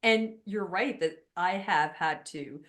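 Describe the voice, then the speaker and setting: A woman whose first language is French, hosting a podcast conversation, talking fast and emphatically. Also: fairly low pitch. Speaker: podcast host. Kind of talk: casual conversation.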